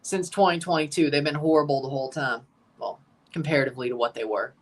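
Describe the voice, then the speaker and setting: A man's voice: fairly high pitch, quick pace. A man hosting a live watchalong, chatting casually in a rambling, sarcastic way and swearing freely. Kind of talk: casual live reaction chat.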